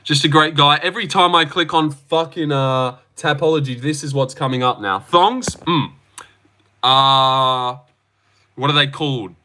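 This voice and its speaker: With a slightly high, sharp-toned voice, this young Australian livestream host takes his time. He reads chat messages aloud and responds casually, full of slang.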